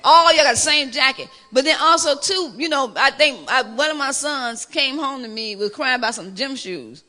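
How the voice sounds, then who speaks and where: Woman, Chicago accent, middle-aged, high bright voice, animated storyteller. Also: moderate pace. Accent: Chicago African American English. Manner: lively, animated storytelling with laughter. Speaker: pastor's wife. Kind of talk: church Q&A discussion.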